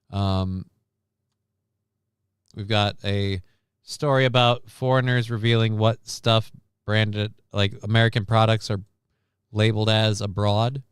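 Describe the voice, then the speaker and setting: Gravelly, wry man hosting a casual news stream. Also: fairly low pitch, a bit bright, dry recording, clean studio sound. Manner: rambling, sarcastic, profane. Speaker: livestream news host.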